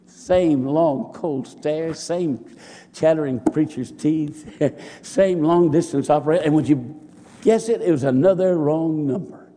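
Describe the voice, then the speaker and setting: A man's voice: on the high side, mellow, big-room sound. A man preaching a sermon, telling folksy anecdotes and often repeating "and he said.". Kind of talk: sermon storytelling.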